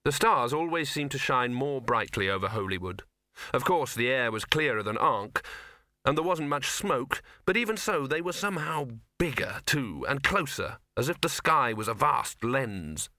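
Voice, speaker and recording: A man reading a comic fantasy novel aloud as an audiobook narrator, measured and wry. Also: medium pitch, very animated, pushed and bright, no echo, clean studio sound. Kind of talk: scripted narration.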